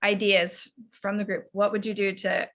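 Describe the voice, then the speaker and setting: A woman coach teaching parents over a video call, her voice bright and forward. She talks in an animated way and acts out little exchanges between parent and child. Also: mid-range voice, normal speed. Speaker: parenting coach leading a workshop. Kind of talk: online workshop teaching.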